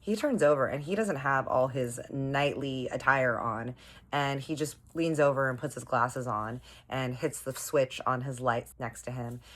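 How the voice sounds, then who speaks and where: A young woman with an unusually low, deep voice tells a long storytime. She talks casually and dramatically, calling her viewers y'all. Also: measured pace, a bit bright. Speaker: storytime vlogger.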